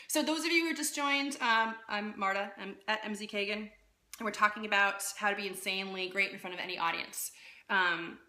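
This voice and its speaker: A woman coaching public speaking in a casual live-streamed talk, lively and conversational, often checking in with "right?". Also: mid-range voice, roomy sound. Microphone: phone.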